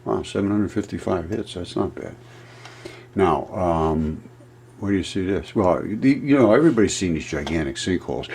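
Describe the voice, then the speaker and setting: A man hosting his own channel, talking through his theories in a rambling, emphatic monologue that swings between low mutters and heated, aggrieved outbursts. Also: animated, normal speed, gravelly, darkish tone, slight background noise. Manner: speculative, free-associating, restarts mid-thought. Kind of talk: rambling screen-share monologue.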